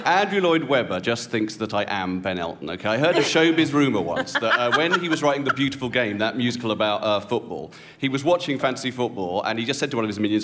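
Male comic storyteller, sardonic, very lively pitch. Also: quick pace, hardly any pauses. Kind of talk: comic anecdote.

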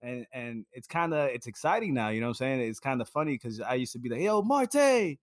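A man co-hosting a sports podcast, talking in an excited, casual way and slipping into loud shouted bits. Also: medium pitch, fast talker, no room sound, clean studio sound. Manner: animated, drops into loud shouted impressions. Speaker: podcast co-host. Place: at home.

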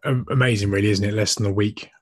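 British guy co-hosting a podcast, lowish voice, dry close mic, chatty and animated. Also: quick pace, no echo. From Britain. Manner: animated storyteller, restarts and mimics others. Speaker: podcast co-host. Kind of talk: casual chat.

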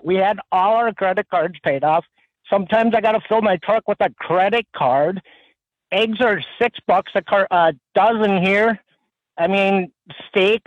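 A man's voice: sits high, no echo. Frustrated male caller on a phone line. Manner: frustrated, emotional venting. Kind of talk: phoning in to talk radio. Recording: dry tinny phone line.

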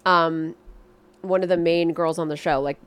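A middle-aged woman with a nasal voice co-hosting a podcast, chatting casually and telling stories with lively quoted asides. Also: moderate pace, smooth. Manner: animated storyteller, jumps to high voices for quotes. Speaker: podcast co-host. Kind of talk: casual chat.

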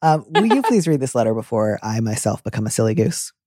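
A man's voice: mid-range voice, very animated, mellow, dry recording, studio quality. A man hosting an advice show in a casual, joking chat. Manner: playful, joking, quick asides. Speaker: advice podcast host.

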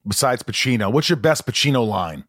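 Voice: medium pitch, expressive, brisk, a bit bright, no echo, studio quality. A podcast host in a casual interview, laughing easily and asking playful questions.

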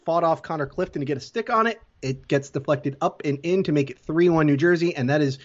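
Fast and fairly high-pitched, this man recaps a hockey game for a podcast in a relaxed way, telling it play by play with fillers throughout. The recording is muffled.

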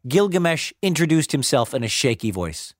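Expressive male storyteller, dry close sound. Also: a little high, normal speed, dry recording. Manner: expressive, dramatic. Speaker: narrator. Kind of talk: storytelling narration.

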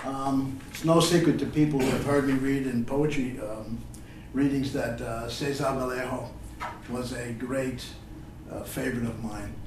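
An older man giving a poetry reading, chatting haltingly between poems and reciting them with feeling. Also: mid-range voice, very noisy. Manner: halting, filler-laden talk between expressive recitations. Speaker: poet. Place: reading venue with an audience. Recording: roomy echo, distant mic.

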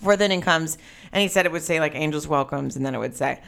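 Woman podcast co-host, lively anecdote-teller, casual and profane. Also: low-pitched, quick pace, gravelly, smooth. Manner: animated storyteller, swears and laughs often.

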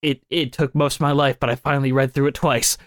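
A man's voice: medium pitch, fairly even intonation, fast, dry recording, clean studio sound. A young man hosting a comedic podcast, joking around and reading a summary aloud in a playful way. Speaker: podcast host. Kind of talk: casual comedic podcast chat.

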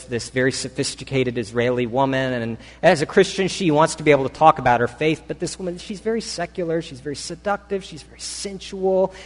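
List: male pastor, sermon, chatty storytelling, average pitch, long hall reverb. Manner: storytelling, conversational, with fillers.

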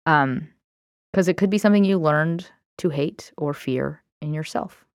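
Low-voiced candid woman host. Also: measured pace, no room sound, studio quality. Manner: candid, reflective, uses many fillers. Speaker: podcast host. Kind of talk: casual self-help talk.

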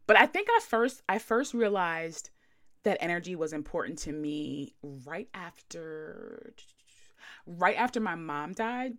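A woman hosting a podcast, telling a story in a chatty, slangy way with lots of fillers and a blunt, wry edge. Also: fairly low pitch. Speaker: podcast host. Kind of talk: casual storytelling.

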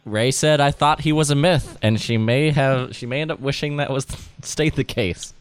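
Man, podcast host, smooth clear voice, rambling casual chat. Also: mid-range voice, normal speed, dry recording. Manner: rambling, restarts often.

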